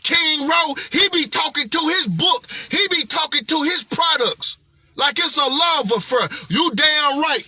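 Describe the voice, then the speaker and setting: A man's voice: very high voice, bright, forceful tone. A man giving an emphatic, slangy motivational vlog talk as a speaker and author, playful and preachy.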